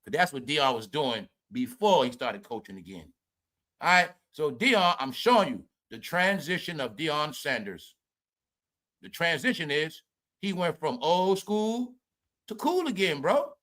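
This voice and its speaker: A man hosting a profane gossip commentary stream, loud and mocking, repeating phrases and laughing at his own jokes. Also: a little high, very animated, measured pace. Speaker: commentary channel host.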